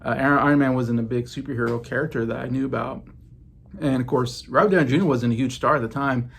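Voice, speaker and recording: A man's voice: mid-range voice, fast, vocal fry, breathy edge. A man in his late thirties hosting a casual video vlog from his basement, chatty and meandering as he shows off his movie collection. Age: late 30s. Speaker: YouTube host. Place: home basement.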